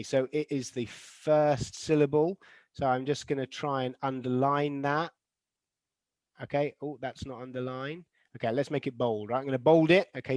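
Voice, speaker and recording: A man's voice: medium pitch, dry recording. Man teaching an online class, close dry mic. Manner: asks the class questions, reads out chat replies; many fillers and restarts, models stress patterns aloud. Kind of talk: online teacher-training lesson.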